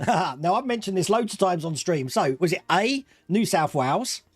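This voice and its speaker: Giggly quiz host, mixed Australian-British accent. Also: male voice, sits high, expressive, slightly rough, no room sound, faint music behind. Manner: giggly, playful, reads options slowly. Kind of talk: livestream quiz hosting.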